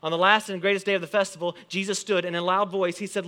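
Man, pastor, sermon, bright forceful voice, animated preaching. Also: high-pitched, quick pace, few pauses. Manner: animated preaching, rising and falling emphasis, quoting scripture.

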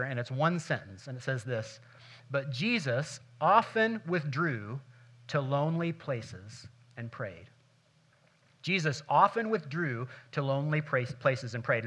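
A man's voice: a little high, pushed and bright. A middle-aged male pastor preaching a sermon in a conversational, humorous way, acting out little scenes.

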